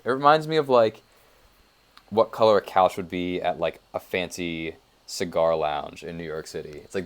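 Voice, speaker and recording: A young man casually thinking aloud as he walks through his code in a tutorial, with lots of fillers and side remarks. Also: deep voice. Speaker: web developer. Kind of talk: casual screencast coding tutorial.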